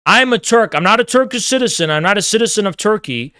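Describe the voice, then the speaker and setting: A man's voice: high voice, lively intonation, fast talker, sharp tone, smooth, dry recording, studio quality. A man delivering a provocative, emphatic ranting monologue, repeating phrases for effect. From United States. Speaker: political commentator.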